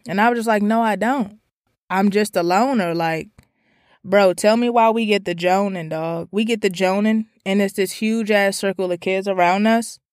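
A woman's voice: medium pitch, normal speed, no echo, studio quality. A young woman from Washington, D.C. tells a comic story in a slangy, profane way, acting out the voices she quotes.

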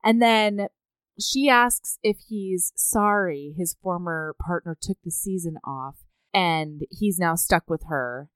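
A woman co-hosting a podcast, chatting casually about a book and reading quotes aloud with animated voices. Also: on the low side, slow pace, clean tone, no echo. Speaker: podcast co-host. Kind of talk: casual book-club chat.

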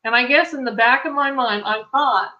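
This lo-fi recording captures a middle-aged woman with a high-pitched voice talking at normal speed. She is a Christian ministry speaker giving an earnest testimony, relating a friend's story through many restarts and quotations.

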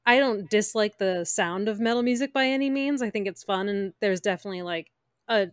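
A woman's voice: mid-range voice, a little fast, clean tone, no echo, studio quality. A woman hosting a casual chat, asking questions in a friendly, hesitant way.

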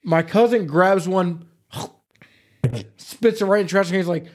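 A man telling hunting stories in casual studio chat, profane and animated. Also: high voice, a little slow. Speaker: podcast co-host.

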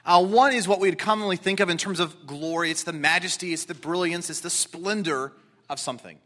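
Bright, high-voiced male preacher. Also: fairly quick. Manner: expository preaching, dropping to quiet asides. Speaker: pastor. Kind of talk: sermon.

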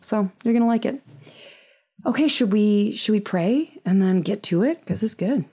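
A woman's voice: medium pitch, animated, moderate pace, husky. A woman from Southern California hosting a podcast, giving a chatty, reassuring intro and pep talk. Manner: gentle, reassuring, chatty with fillers. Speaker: podcast host.

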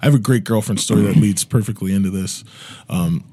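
A man's voice: on the low side, fairly quick, mellow, slightly rough, dry recording. A man telling a comedic story in casual chat, loose and profane, laughing often.

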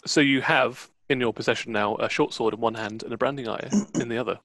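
A relaxed man runs the table as game master, talking through the scene at an easy pace. His voice is mid-pitched and sits dry and close to the mic, with no room sound around it. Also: fast, no room sound. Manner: relaxed, laid-back, with fillers.

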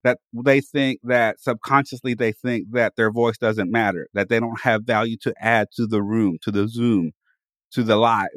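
Animated male podcast co-host, dry sound. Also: on the low side, moderate pace, no room sound. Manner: animated, hypes himself up with repeated phrases. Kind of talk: casual chat. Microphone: studio microphone.

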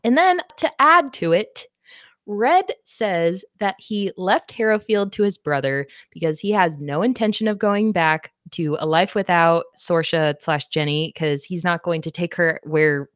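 A woman's voice: lowish voice, measured pace, a bit bright, no echo. Giggly emotional woman, dry sound. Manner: giggly, emotional, swears casually, reads passages aloud. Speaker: podcast co-host. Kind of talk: casual book-club chat.

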